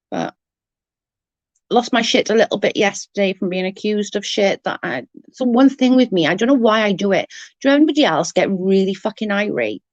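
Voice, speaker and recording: A chatty woman hosting a live stream from home, answering her viewers as their messages come in. Her voice sits at a middle pitch and sounds close and dry, with no room echo. She talks bluntly and swears when something annoys her. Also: dull audio. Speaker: livestream host. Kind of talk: casual live-stream chat.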